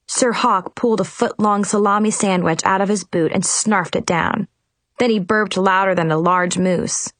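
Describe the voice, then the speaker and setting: A woman's voice: on the low side, steady tone, moderate pace, dry recording. A woman narrating a storybook expressively in first person.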